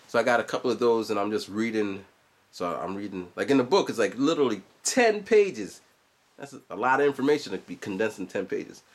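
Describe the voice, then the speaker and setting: Rambling through a casual vlog chat full of asides, a forties-aged musician speaks a little fast. His voice runs on the low side and sounds animated.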